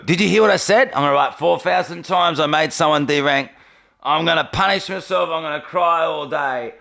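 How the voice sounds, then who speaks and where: A man's voice: a little high, a little fast, creaky, pushed and bright. A man hosting his gaming channel, giving sarcastic, mocking gameplay commentary and laughing often.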